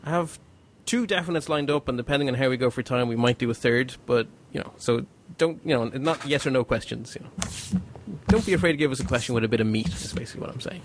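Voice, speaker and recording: A man's voice: medium pitch, fast talker, few pauses, slight background noise. Chatty male podcast host. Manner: chatty, rambling with fillers. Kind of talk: casual panel podcast chat.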